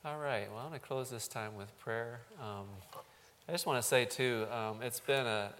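A man, a pastor, speaking haltingly to his congregation and leading a prayer. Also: mid-range voice, a bit bright. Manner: halting, with frequent ums. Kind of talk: church service address and prayer.

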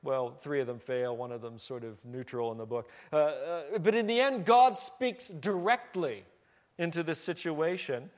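A man's voice: fairly high pitch, normal speed. A middle-aged man preaching a sermon as pastor, earnest and conversational.

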